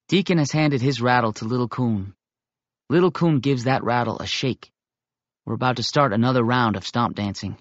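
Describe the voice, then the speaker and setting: A man narrating a first-person audiobook in a steady, measured storytelling voice. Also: medium pitch, no echo, lo-fi sound.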